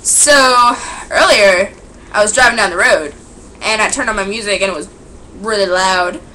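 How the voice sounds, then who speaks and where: A woman vlogger telling a rambling made-up story, acting out the quotes with loud outbursts. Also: medium pitch, moderate pace, slight background noise, rough recording.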